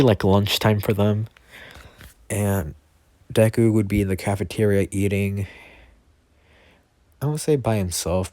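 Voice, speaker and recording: Deep-voiced man rambling through a story. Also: a little mellow, no room sound. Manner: rambling, self-correcting, with many fillers. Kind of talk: improvised fan story narration. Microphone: Discord voice chat.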